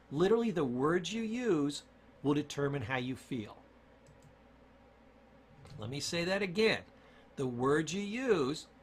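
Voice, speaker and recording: A man's voice: on the high side, fairly bright tone, a little hiss or hum. A man giving an emphatic motivational lesson on self-talk and word choice, repeating key points for stress. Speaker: communication coach.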